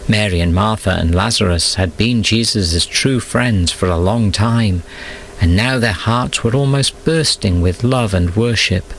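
A man giving scripted storybook narration in a steady, measured reading. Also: fairly low pitch, a little hiss or hum, low-quality recording.

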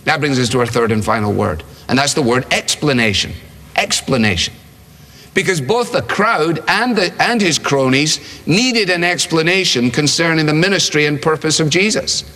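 A man's voice: on the high side, moderate pace, bright, forceful tone. A man preaching a sermon in a conversational way, asking his listeners rhetorical questions. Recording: long reverb of a large hall.

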